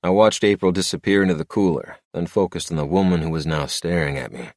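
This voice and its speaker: A man narrating a first-person romantic suspense audiobook in a low, measured delivery. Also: a little mellow, no echo, clean studio sound.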